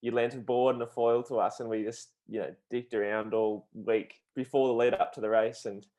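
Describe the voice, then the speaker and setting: A man's voice: mid-range voice, steady tone, normal speed, a little mellow. A man hosting a podcast, chatting casually and recalling his own memories. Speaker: podcast host. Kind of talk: casual chat.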